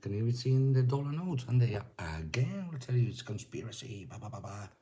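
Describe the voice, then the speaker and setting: A man's voice: medium pitch, animated, quick pace, noisy background. A man giving casual religious commentary to camera. He talks conversationally, reads news lines and scripture aloud, and keeps checking in with the listener.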